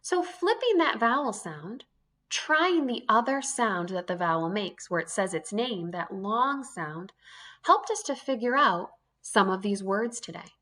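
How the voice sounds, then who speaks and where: A woman's voice: mid-range voice, expressive, measured pace, pushed and bright. A woman teaching an early reading lesson to young children, sounding out letters one by one in an encouraging way.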